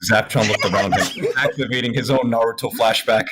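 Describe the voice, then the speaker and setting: A man's voice: medium pitch, brisk, breathy edge. Man reading crude fan fiction aloud. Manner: deadpan asides, crude jokes, breaks into laughter. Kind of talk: comedic read-aloud on voice call.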